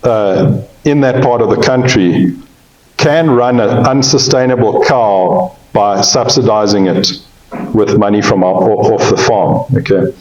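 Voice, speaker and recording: A cattle industry speaker gives a pre-sale presentation on cattle, folksy and full of jokes, frequently checking in with his listeners. His voice is fairly low, slightly slow and a touch mellow, and the recording sounds roomy and a bit dull.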